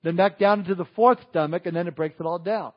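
A man's voice: sits high, fast, highs cut off. A man preaching a conversational sermon, chuckling and adding asides to the congregation. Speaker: pastor.

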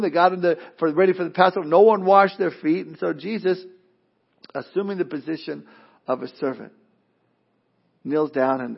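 Animated high-voiced man preaching a sermon. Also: husky, lo-fi sound. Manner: animated, conversational preaching with asides and playful mock voices. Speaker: pastor.

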